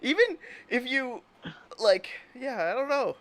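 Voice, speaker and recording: A man's voice: extremely high pitch, very animated, measured pace, fairly bright tone. A man hosting a casual chat, rambling through stories, laughing constantly and acting out silly imagined lines. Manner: giggly, rambling, laughs through his words. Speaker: host.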